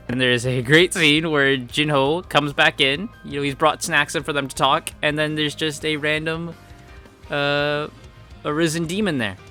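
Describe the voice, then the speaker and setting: Bright-voiced man recapping casually. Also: on the high side. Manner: chatty and rambling, full of "like" and "you know". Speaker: manhwa reviewer.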